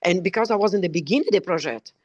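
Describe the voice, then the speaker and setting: A woman's voice: lowish voice, lively intonation, very fast, darkish tone, dry recording, lo-fi sound. A woman speaking as a shares an emotional, earnest testimonial on an online call. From Belgium. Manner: emotional, earnest, broken English. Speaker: product presenter.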